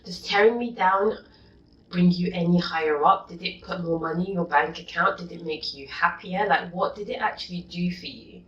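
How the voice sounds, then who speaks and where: Young female vlogger, deep-pitched, indignant rant, dull roomy recording, distant mic. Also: normal speed. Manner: exasperated, indignant, swings from low mutter to loud outburst. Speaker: YouTuber. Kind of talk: vlog rant reading comments.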